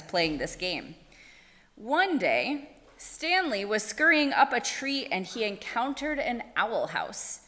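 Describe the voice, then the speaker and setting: A woman leading a service who tells a story to the congregation in an expressive, animated way. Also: fairly high pitch, long reverb tail. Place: synagogue sanctuary.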